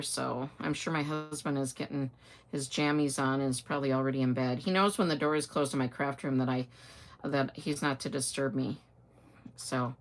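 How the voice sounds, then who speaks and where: A woman's voice: sits low, fairly bright tone. Chatty woman hosting a crafting livestream. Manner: chatty storyteller, reads comments aloud, laughs often. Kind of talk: casual livestream chat. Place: home craft room.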